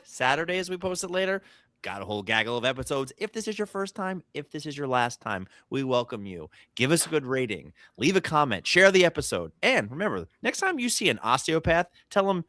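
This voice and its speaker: A man hosting a comedy podcast, loud and jokey in quick banter. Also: medium pitch, big pitch swings, no room sound, clean studio sound. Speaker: podcast host.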